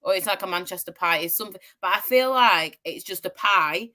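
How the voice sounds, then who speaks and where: A woman's voice: medium pitch, brisk, pushed and bright. A woman from the North of England, co-hosting a casual chat in a playful, teasing way with lots of laughter. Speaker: podcast co-host.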